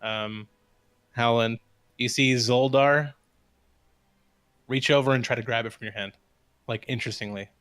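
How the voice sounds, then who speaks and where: Relaxed man running a tabletop game. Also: mid-range voice, unhurried, pauses often, smooth. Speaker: game master.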